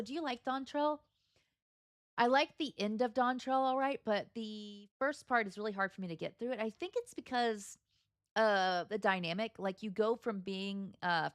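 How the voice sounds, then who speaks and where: A woman's voice: medium pitch, fairly bright tone, no room sound. A woman chatting casually with her livestream viewers while she plays, greeting them by name. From United States. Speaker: streamer. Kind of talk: casual gaming livestream chat.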